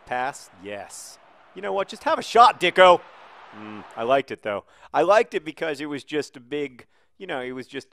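A middle-aged man talks over his own football video game in a loose, jokey way. His voice sits in a middle range, and he breaks into loud, excited shouts whenever a shot or pass nearly comes off. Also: medium pitch, dry recording, studio quality. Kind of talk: playing a football video game with live commentary.

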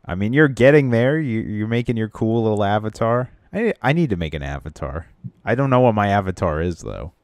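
A man with a very low, smooth, resonant voice, talking easygoing on a podcast. He chats casually, trailing off and restarting as he thinks aloud. The sound is close and dry. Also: expressive, a little fast, darkish tone, dry recording. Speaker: podcast co-host. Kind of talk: casual chat.

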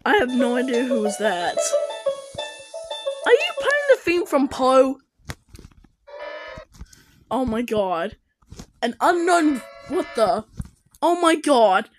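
Young girl reacting to cartoons, high voice, slow and drawn out, keeps going "what the?" at the screen. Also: rough recording. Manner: exclaiming, questioning characters on screen. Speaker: reaction video host. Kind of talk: casual reaction commentary.

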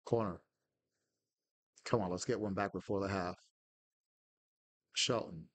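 Slow-talking man, husky and dry, calls player names tersely while gaming and swears when things go wrong. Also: low-pitched, fairly even intonation, a bit bright, dry recording. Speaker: podcast host playing a football management game. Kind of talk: casual live commentary on his own game.

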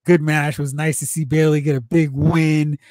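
A man co-hosting a review podcast, talking casually with lots of animated play-by-play. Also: moderate pace, dry recording, clean studio sound. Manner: animated, acts out quotes with big pitch jumps; enthusiastic, a lot of rambling play-by-play.

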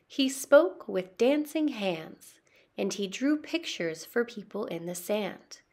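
A woman narrating a children's storybook as a voice-over interpreter. She tells it slowly and dramatically. Her pitch swings widely from line to line. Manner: slow, expressive, dramatic storytelling. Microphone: studio voice-over.

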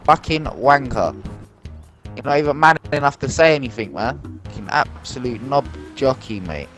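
A man's voice: medium pitch, animated, normal speed, a bit bright, faint music behind. A man ranting and swearing aggressively at another player over game voice chat. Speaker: angry online game player. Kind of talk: heated voice chat.

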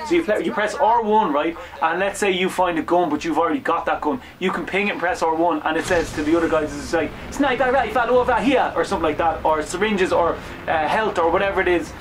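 A young Irish man hosting a comedy sketch, chatting quickly as he explains a video game. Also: a little high, fairly even intonation, a little hiss or hum. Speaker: host. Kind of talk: casual gameplay chat.

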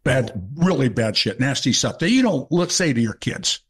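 An older man in his seventies, guest on a casual podcast, telling stories from his playing days. He talks in a relaxed, conversational way and now and then acts out what the fans yelled at him. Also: mid-range voice, normal speed, breathy edge. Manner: animated storyteller, acts out shouted quotes. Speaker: guest, former ballplayer. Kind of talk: casual storytelling.

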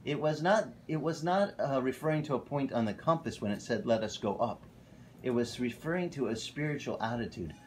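A male pastor delivers an animated, storytelling sermon at a church fellowship. His voice sits at a medium pitch and moves easily between reading and chatting. Faint room noise hangs behind him. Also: brisk, few pauses. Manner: animated, storytelling, self-correcting.

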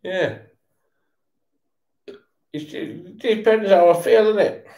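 A man's voice: high-pitched, slow, darkish tone, roomy sound, dull audio. A tipsy man, swearing and stammering through a casual rant while he watches football. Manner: swearing, repetitive, stammering restarts. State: tipsy from beer.

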